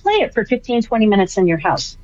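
A woman's voice: mid-range voice, fast, a little mellow, lo-fi sound. A woman guest on a radio talk show, speaking casually and enthusiastically, repeating phrases for emphasis. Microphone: remote line, traveling.

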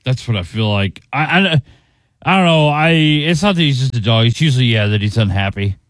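A man's voice: mid-range voice, lively intonation, brisk, no room sound. Laid-back male radio co-host. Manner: agreeable, short reactions, dry quips. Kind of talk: casual morning show banter.

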